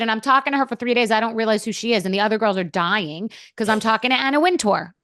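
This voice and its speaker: A woman's voice: fairly high pitch, fast talker, few pauses, a bit bright, no room sound, studio quality. A woman guest on a podcast, telling a candid story in a blunt, profane, rambling way.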